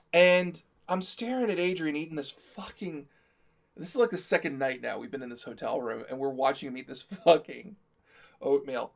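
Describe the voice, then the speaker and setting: A man's voice: fairly high pitch, moderate pace, vocal fry. A man telling a comic story as a live-stream co-host, talkative, laughing through it and acting out the quotes.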